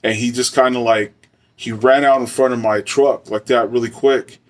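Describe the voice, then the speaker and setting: A man's voice: medium pitch, fairly even intonation, moderate pace, recorded from a distance. Slangy, profane man telling a story. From Arizona, US. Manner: loose, slangy and profane, with frequent fillers. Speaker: storyteller, former soldier. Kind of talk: casual spoken storytelling.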